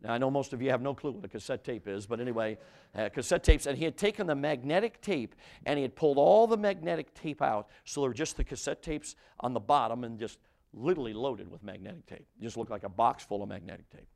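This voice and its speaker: A man preaching a sermon as a story, repeating phrases and restarting, dropping from loud, emphatic lines to hushed ones. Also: medium pitch, animated, fast talker, vocal fry. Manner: dramatic, swings from loud to hushed.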